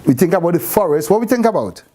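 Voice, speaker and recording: A woman's voice: fairly low pitch, very animated, fast, dark tone. A woman teaching a Bible class, repeating phrases and quizzing her students with questions. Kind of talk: interactive scripture class.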